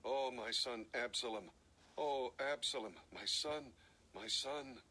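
A man's voice: mid-range voice, slow, pushed and bright, husky, exaggerated voice. A man reading as a grieving old king. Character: grieving old king, mourning his son.

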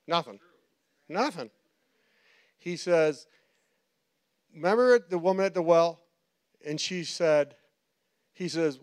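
Animated high-voiced male preacher. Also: unhurried, pauses often. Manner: animated storytelling, acts out quotes, laughs often. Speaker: pastor. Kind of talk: sermon. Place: church.

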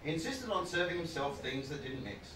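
A male comedian telling a story live on stage, with an animated, punchy delivery and sudden loud outbursts. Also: on the high side, a little fast. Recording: echoey, distant, noisy room mic.

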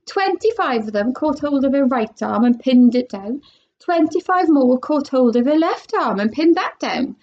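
A woman's voice: high voice, lively intonation, moderate pace, a little mellow. A woman, a primary school teacher, reading a children's storybook aloud expressively. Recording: dull lo-fi recording.

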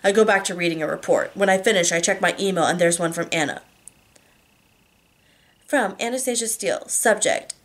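A woman's voice: lowish voice, animated, brisk, pauses often. A woman reading a novel aloud casually, now and then stumbling over words and apologizing. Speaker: reader.

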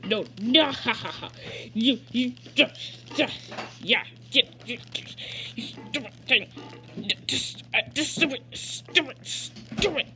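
A woman's voice: fairly high pitch, slow, hardly any pauses, pushed and bright, faint music behind. Woody, a woman doing a cowboy toy sheriff. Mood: frustrated. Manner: repeats phrases over and over, sputters and stammers. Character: excitable male cowboy toy sheriff, quick to rage. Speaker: gamer playing in character. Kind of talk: in-character gameplay commentary.

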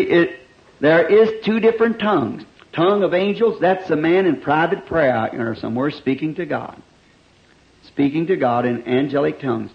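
A man with a slightly high voice preaches an old-time revival sermon, telling stories with animation. He swings between loud emphasis and hushed asides, captured on a dull-sounding 1960s church recording.

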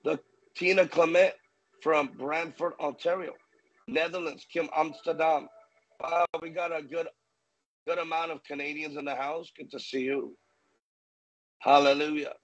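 A man's voice: on the high side, little pitch movement, unhurried, pauses often, fairly bright tone, poor audio. A man preaching on a livestream, greeting viewers by name with exuberant praise and bursts of praying in tongues. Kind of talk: live-stream greeting of viewers before a sermon. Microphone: livestream camera mic.

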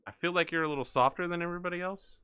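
A man's voice: high-pitched, very fast, bright, forceful tone, clean tone. A man hosting casual online chat before a tabletop game, teasing and joking with his players. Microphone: voice-chat microphone.

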